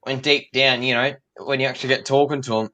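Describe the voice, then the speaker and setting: A man in a casual football chat, relaxed and chatty, laughing as he tells a story. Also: medium pitch, fast talker. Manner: relaxed, chatty, laughs while telling stories. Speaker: co-host.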